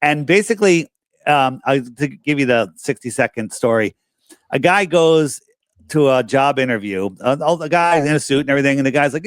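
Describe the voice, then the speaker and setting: A man's voice: on the high side, a little fast, dry recording. A man talking as a guest on a casual podcast, telling stories animatedly and acting out the lines of people in them. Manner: animated storyteller, acts out quoted dialogue.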